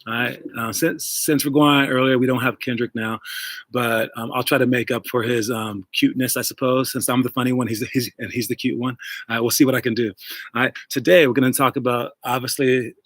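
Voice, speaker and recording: A man's voice: medium pitch, steady tone, brisk, fairly bright tone, dry recording. A man hosting a casual livestream about basketball, coaching and talking in a rambling way with many fillers, speaking into wireless earbuds. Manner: rambling, filler-heavy, addresses viewers directly. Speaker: basketball coach and show host.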